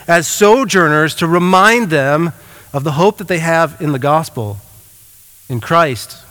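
A man preaches from the pulpit, casual and conversational, his talk full of fillers and restarts. His voice is bright and a little high for a man. The sound carries a long church-hall reverb. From United States. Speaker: pastor. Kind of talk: sermon.

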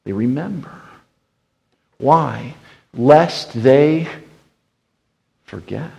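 A man preaching a sermon as pastor, swinging from loud emphatic bursts to hushed, quiet passages. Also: medium pitch, takes it slowly, vocal fry, long pauses, poor audio.

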